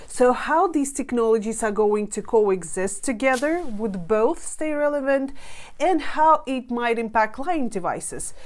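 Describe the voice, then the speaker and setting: A woman co-hosting a podcast, giving upbeat introductions. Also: a little high. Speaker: co-host.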